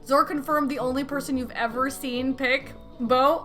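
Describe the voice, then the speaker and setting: A woman's voice: high voice, fairly even intonation, normal speed, few pauses, fairly bright tone, soft background music. A woman streaming a game, chatting casually with a giggly, self-deprecating manner. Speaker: let's play streamer. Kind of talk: casual gameplay commentary.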